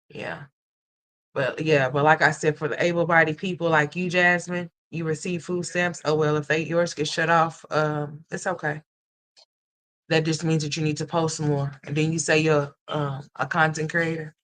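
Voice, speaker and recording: Streamer host reading chat, mid pitch, blunt and cussing then soft and caring, super casual. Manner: blunt and profane, switching to tender and emotional. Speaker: livestream commentary host.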